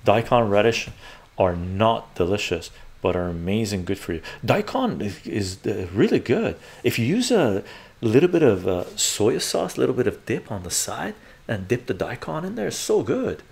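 Gravelly, ranting male streamer. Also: fairly low pitch, sing-song, moderate pace, darkish tone. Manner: profane, sarcastic, ranting. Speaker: livestream host reading viewer chat. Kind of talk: ranting livestream commentary.

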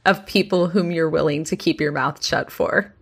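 Lower-voiced gossipy woman host. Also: normal speed, slightly rough. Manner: gossipy, animated, laughs a lot. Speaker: podcast host. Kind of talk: casual chat.

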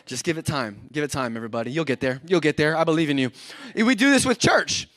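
A lively male pastor with a fairly high voice delivers a joking, energetic sermon. He slips into quick acted-out complaints between his points. The sound is close and dry, with almost no room echo. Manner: energetic, joking, self-described overcaffeinated; acts out everyday complaints in quoted voices. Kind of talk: humorous sermon.

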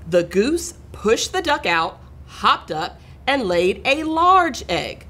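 A middle-aged woman reading a picture book aloud to children, expressive and talking to her young listeners. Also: on the high side, takes it slowly, slight background noise. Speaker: school administrator reading aloud.

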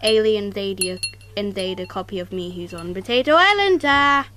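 A woman doing casual let's-play commentary to her viewers, excitable, exclaiming and mildly swearing, recorded on a tablet. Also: mid-range voice, moderate pace, slight background noise. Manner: talks straight to viewers. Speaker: gaming YouTuber.

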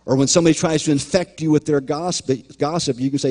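A man's voice: a little high, fairly even intonation, fast talker, few pauses, a little mellow. A man preaching a sermon as pastor, emphatic, often repeating words and acting out imagined voices.

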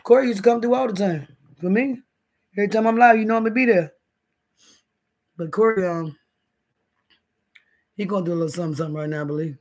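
High-voiced rambling male livestreamer. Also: quick pace, pauses often, darkish tone. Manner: rambling, profane, talks straight to the chat. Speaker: livestream host. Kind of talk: casual livestream chat. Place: indoors, in bed.

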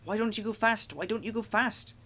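A man's voice: on the high side, big pitch swings, normal speed, a bit bright. A man voicing a pair of fussy female railway coaches who wail and echo each other in sing-song phrases. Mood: anxious. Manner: wailing, sing-song echoing.

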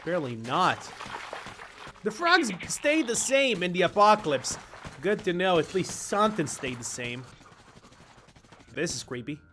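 A man streaming a video game, giving excitable live commentary that swings between mumbling asides and shouts at the screen. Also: high-pitched, unhurried, pauses often, slight background noise. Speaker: gaming streamer. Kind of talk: live let's-play commentary. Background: game music.

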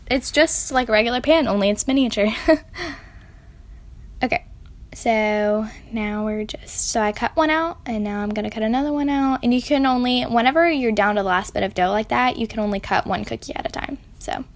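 A baking vlogger chats and giggles as she works in her home kitchen for a casual tutorial. Her voice is a little high, she keeps a moderate pace, and she pauses often.

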